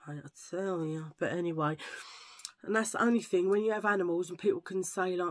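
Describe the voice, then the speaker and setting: A woman's voice: fairly low pitch, normal speed. A woman chatting casually to camera, rambling from one tangent to the next. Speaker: vlogger. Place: at home filming under a ring light.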